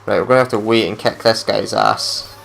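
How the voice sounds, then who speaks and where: A man's voice: lowish voice, fairly even intonation, a little fast, vocal fry, a bit bright, a little hiss or hum. A man giving casual let's play commentary as he plays, chatting to himself and grumbling when things go wrong. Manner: chatty, talks to himself while playing, frustrated outbursts.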